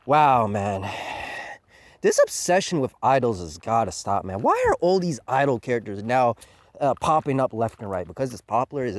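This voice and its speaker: Profane, animated manga reviewer. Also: mid-range voice, no echo. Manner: profane, scornful, says 'man' constantly. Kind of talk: casual ranting review.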